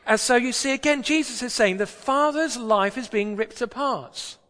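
A man's voice: very high-pitched, moderate pace, bright, forceful tone, big-room sound. A British man preaching a sermon in a church, talking in a conversational, emphatic way with rhetorical questions.

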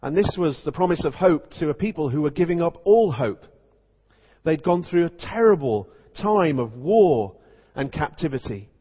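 Vicar preaching in an echoey church. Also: male voice, fairly high pitch, breathy edge. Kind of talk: sermon. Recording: dull recording in echoey church.

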